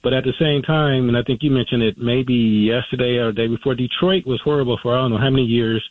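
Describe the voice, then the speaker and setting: A man's voice: medium pitch, steady tone, fast, no echo. A man calling into a sports radio show, casual and hesitant, with many fillers. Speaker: caller. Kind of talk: phone call to sports radio. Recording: tinny phone line.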